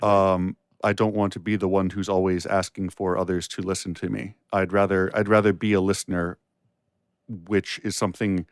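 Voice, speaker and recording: A man's voice: low voice, no echo, clean studio sound. A man co-hosting a podcast, chatting reflectively with many restarts. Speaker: podcast co-host and producer. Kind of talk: casual podcast chat.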